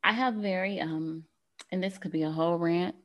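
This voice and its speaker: A woman's voice: on the low side, normal speed, highs cut off. Candid woman podcast host. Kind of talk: casual interview conversation.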